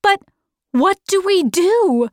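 A woman's voice: very high-pitched, animated, slow pace, no echo, studio quality, voice pushed up, full character voice. A woman voicing an anxious young girl pleading with urgency in an audiobook. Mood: urgent. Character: anxious, stubborn young girl desperate for her father.

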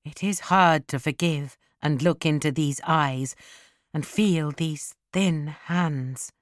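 A woman's voice: deep voice, slow, no room sound, studio quality, voice pushed down. Woman voicing Heathcliff, brooding and bitter. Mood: anguished. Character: brooding, bitter young man, heartbroken lover. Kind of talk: audiobook character reading.

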